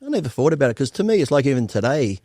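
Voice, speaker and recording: A man's voice: medium pitch, sing-song, very fast, warm tone, no echo, clean studio sound. An Australian man in his fifties telling candid stories as an interview guest, blunt and profane, often laughing. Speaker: guest bodybuilder.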